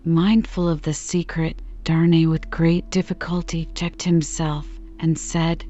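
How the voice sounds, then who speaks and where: A woman narrating an audiobook in a measured storytelling manner. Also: sits low, flat delivery, mellow. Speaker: audiobook reader. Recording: dull lo-fi recording with faint music.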